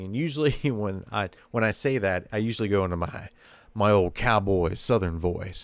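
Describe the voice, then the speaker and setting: Man, podcast host, lowish smooth voice, dry close sound, relaxed explainer. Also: moderate pace, no room sound. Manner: relaxed, thinking aloud, easygoing. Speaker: podcast host and fiction writer. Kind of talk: casual explanatory talk about writing.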